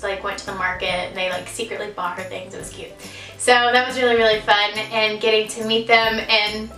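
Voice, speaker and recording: Bright, chatty young woman in an echoey room. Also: fairly high pitch, distant mic. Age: 20s. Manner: chatty, giggly, self-deprecating, lots of fillers. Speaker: vlogger. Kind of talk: casual vlog storytelling.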